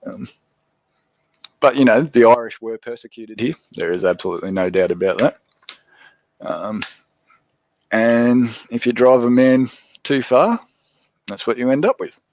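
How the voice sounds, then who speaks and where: A man's voice: medium pitch, measured pace, long pauses, a little mellow, rough recording. A man with an Australian accent hosting a casual livestream, chatting easily and answering viewer comments as he goes. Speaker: livestream host.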